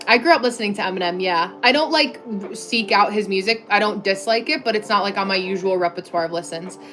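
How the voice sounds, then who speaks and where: Speaking fast with a medium pitch and a fairly bright tone, a young American woman hosts a casual livestream. Through a clip-on mic she reads viewer comments and replies conversationally, with lots of "like" fillers.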